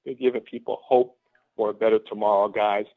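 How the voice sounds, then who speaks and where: A man's voice: on the low side, flat delivery, fairly quick, vocal fry. Man, motivational speaker, upbeat and repetitive, thin phone-call sound. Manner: exuberant, repetitive, laughs often. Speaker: guest speaker on a team conference call. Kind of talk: motivational pep talk. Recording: phone-line conference call.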